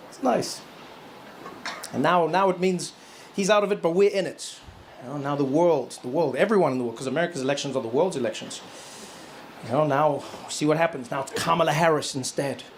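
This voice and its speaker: Guy doing standup, kinda high voice, bouncy storytelling, crowd noise in the room. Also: fairly quick, long pauses. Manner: animated storytelling, acts out voices with loud high bursts. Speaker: stand-up comedian. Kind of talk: stand-up comedy set.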